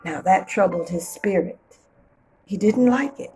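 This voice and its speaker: A woman reading a children's storybook aloud with playful, expressive storytelling. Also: medium pitch, unhurried, soft background music, rough recording.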